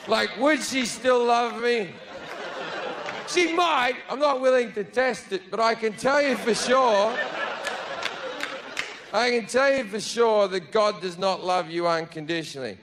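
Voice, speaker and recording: A man's voice: high-pitched, background noise. A man with an Australian accent doing a stand-up set on stage, crude, sardonic and profane. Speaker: stand-up comedian. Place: theater stage before a live audience.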